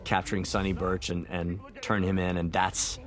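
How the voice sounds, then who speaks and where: A man, a film director, talking through his movie in a relaxed, reflective audio commentary, with many fillers and restarts. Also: deep voice, normal speed, a crowd in the background. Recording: faint film soundtrack music underneath.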